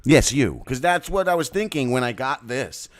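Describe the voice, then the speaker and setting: A man's voice: mid-range voice, normal speed. Guy riffing on a live stream, voice bouncing all over, teasing his buddies. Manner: animated, jokey, teasing. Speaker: podcast co-host. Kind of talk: casual banter on a live stream. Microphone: video call.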